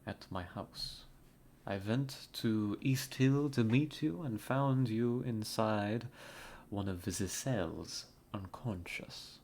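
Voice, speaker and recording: A man voicing a calm middle-aged German doctor with a put-on German accent, reading game dialogue aloud in a slow, measured way. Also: on the low side, slight background noise. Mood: grave.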